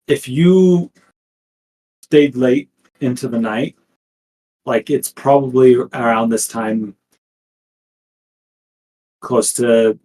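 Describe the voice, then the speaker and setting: A man's voice: mid-range voice, darkish tone, low-quality recording. A man running a tabletop role-playing game as game master, talking casually and hesitantly with many fillers.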